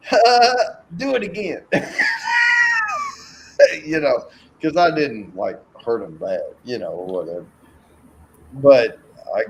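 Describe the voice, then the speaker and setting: A man's voice: mid-range voice, darkish tone, slight background noise, poor audio. A man telling rambling, profane stories in a casual chat and acting out the voices in them. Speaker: co-host.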